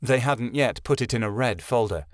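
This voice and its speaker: A man narrating a fantasy audiobook in a steady storytelling voice. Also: mid-range voice, moderate pace, no echo, clean studio sound. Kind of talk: scripted narration.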